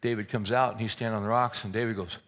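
A man's voice: lowish voice, steady tone, quick pace, fairly bright tone. A man preaching a sermon, retelling a scripture story in a folksy, joking way and often repeating words as he restarts a thought.

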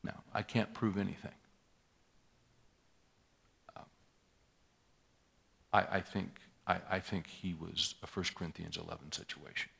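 A man's voice: low-pitched, steady tone, a little slow, vocal fry, long pauses, pushed and bright, breathy edge. A man in his sixties preaching a sermon, telling a story and acting out a tense confrontation with rising force. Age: 60s. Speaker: pastor.

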